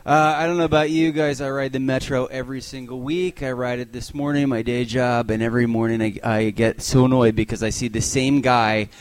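A man's voice: mid-range voice, steady tone, fairly quick, few pauses, clean tone. A man doing a stand-up set on a club stage, complaining in exasperated rants and acting out the people he mocks. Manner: exasperated rants with acted-out voices. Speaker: stand-up comedian.

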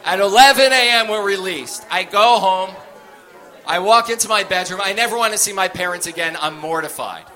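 A man telling a stand-up story on stage, acting out the voices of the people in it. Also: high voice. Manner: animated, acts out voices in his story. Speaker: stand-up comedian.

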